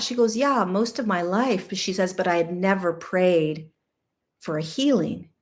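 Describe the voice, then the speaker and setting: A woman's voice: on the low side, a little slow. Candid woman telling a personal story. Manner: candid, animated storytelling with many "like" asides. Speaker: podcast host.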